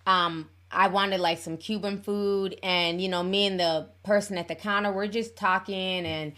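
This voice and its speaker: A woman's voice: mid-range voice, fairly even intonation, moderate pace, a bit bright. A woman hosting a live call-in show, chatty and affectionate with her callers. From Minnesota.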